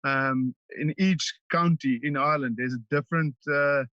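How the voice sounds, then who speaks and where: A South African man, a native Afrikaans speaker, chatting casually as a rugby player guest, halting with many ums and restarts. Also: fairly high pitch, bright, forceful tone, no room sound. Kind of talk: casual interview chat. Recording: dull, dry lo-fi line.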